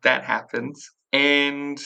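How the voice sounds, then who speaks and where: A gravelly, bright-toned game master leads a tabletop game. The narration rambles loosely as it moves the scene along. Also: mid-range voice, little pitch movement, drawn-out words, poor audio.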